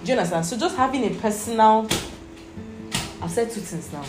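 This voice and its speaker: A woman's voice: on the high side, fairly quick. A woman with a Nigerian accent teaching a Bible lesson, earnest and often checking that her listeners understand. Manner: earnest, repeatedly asking "Do you understand?". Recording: roomy echo with music behind.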